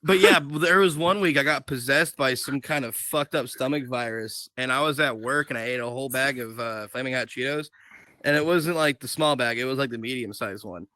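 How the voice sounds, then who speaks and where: A young man telling a crude story in casual podcast chat, swearing often and animated. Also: medium pitch, a little fast, no room sound. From Ohio. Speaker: podcast co-host.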